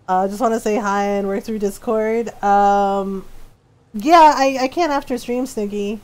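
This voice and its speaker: A woman's voice: on the high side, a little mellow. A middle-aged woman streaming a game, chatting casually with her viewers and laughing often. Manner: chatty, giggly, talks to chat while playing. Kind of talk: casual gaming stream chat.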